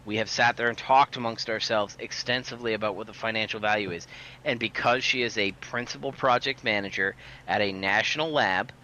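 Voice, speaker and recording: A man's voice: lowish voice, a little fast, bright, forceful tone, dull audio, a little hiss or hum. A man telling a long, profane story in casual podcast chat. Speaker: podcast co-host.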